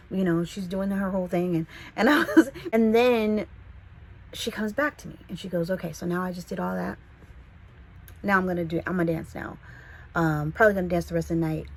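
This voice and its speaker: A woman from the San Fernando Valley with a Californian accent, telling a casual storytime vlog in a chatty, animated way. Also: medium pitch, poor audio. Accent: Californian English. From Los Angeles, the Valley. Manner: chatty, animated, quotes people in voices.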